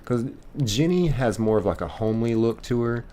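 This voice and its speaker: A man's voice: medium pitch, lively intonation, normal speed, dark tone, slight background noise. A man streaming a game live, reading chat aloud and rambling casually with lots of fillers and restarts.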